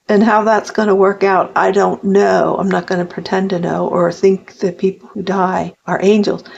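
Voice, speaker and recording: A woman's voice: medium pitch, gravelly, a little mellow. An older woman talking straight to camera in a personal vlog, rambling and heartfelt, with frequent restarts. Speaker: vlogger. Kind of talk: personal confessional monologue. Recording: dull lo-fi recording.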